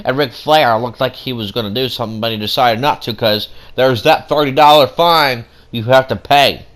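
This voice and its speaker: A man hosting a gaming channel, giving excited play-by-play wrestling commentary over a video game and dropping into quiet muttered asides between the big moments. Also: medium pitch, moderate pace.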